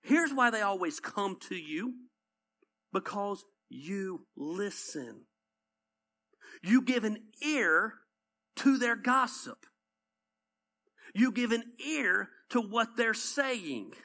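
A Southern-accented male pastor delivering a conversational sermon. His voice is bright and his pitch swings widely as he tells stories, hammering his points home through repetition. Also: slow pace, pauses often. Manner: animated storytelling, repeats points for emphasis.

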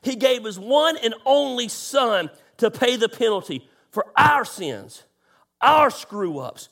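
A middle-aged man preaching a sermon as pastor, impassioned and emphatic, slowing down on key lines and rising into shouts. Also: sits high, gravelly.

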